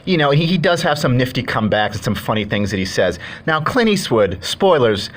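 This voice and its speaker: A man's voice: mid-range voice, big pitch swings, brisk. A man giving a casual, chatty movie review, retelling the story in a rambling way.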